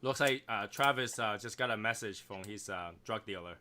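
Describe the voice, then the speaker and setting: A man's voice: fairly low pitch, moderate pace, bright, forceful tone, slight background noise. A man hosting a casual group chat stream, laughing often as he talks. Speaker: stream host.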